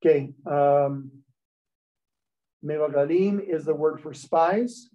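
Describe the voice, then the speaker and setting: A man teaches a Hebrew class, explaining step by step and checking in with his students during the lecture. His voice is a little high, slow, and mellow, captured on a dull lo-fi recording.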